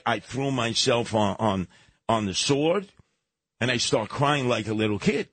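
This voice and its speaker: Blunt husky-voiced male radio host. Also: mid-range voice, lively intonation, unhurried, a bit bright, no room sound. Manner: blunt, emphatic storyteller giving advice. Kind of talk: radio talk show banter. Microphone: studio microphone.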